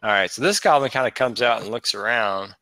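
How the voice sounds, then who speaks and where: A man running a tabletop game online as game master, relaxed and chatty, laughing often. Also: lowish voice, brisk, no echo. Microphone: online voice chat.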